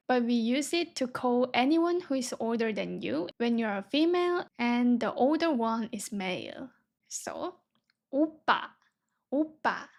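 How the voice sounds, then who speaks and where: A young woman teaching a beginner Korean reading lesson, patiently sounding words out syllable by syllable. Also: a little high.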